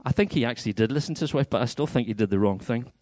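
A pastor with a mid-range, darkish voice talks rapid-fire, playfully coaxing his congregation in a church hall to act out a scripture story during an interactive sermon. The recording is dry.

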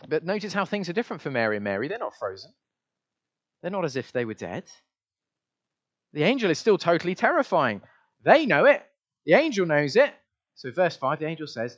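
A man preaching a sermon in an emphatic voice, repeating refrains and shifting his loudness widely. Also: fairly high pitch, very animated, brisk, pauses often, muffled recording.

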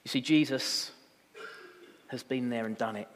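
A man preaching a sermon as pastor, rising to impassioned emphasis and dropping to quiet reflection. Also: mid-range voice, unhurried, a little hiss or hum. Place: church. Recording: long reverb of a church hall.

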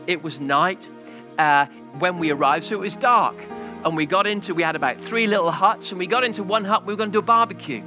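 A man's voice: high voice, brisk, over music. A male pastor preaching a sermon, telling a story and building to a passionate climax.

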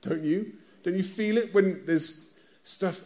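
Speaking slowly in a high voice with a darkish tone, a man with a British accent preaches in a conversational way. He often stops to question his listeners directly.

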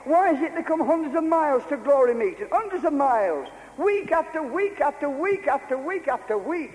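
Fervent older preacher, high voice. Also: male voice, expressive, moderate pace, a little mellow, in a large hall, rough recording. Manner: fervent, repetitive, exclamatory. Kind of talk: revival meeting sermon. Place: large meeting hall.

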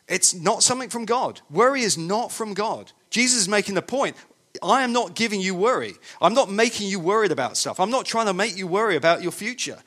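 A man's voice: fairly high pitch, a bit bright. A man preaching a sermon, emphatic and conversational, often repeating his points. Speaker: pastor.

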